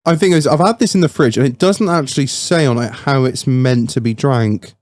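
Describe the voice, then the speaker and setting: A man's voice: mid-range voice, brisk, a little mellow, no echo, studio quality. A man hosting a podcast, chatting casually and rambling as he reviews a beer, swearing often. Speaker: podcast host.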